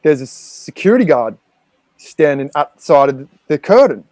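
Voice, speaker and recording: A man's voice: a little high, sing-song, normal speed, darkish tone, no echo. An Australian man, a podcast guest, telling a raw personal story with frequent swearing and rambling fillers.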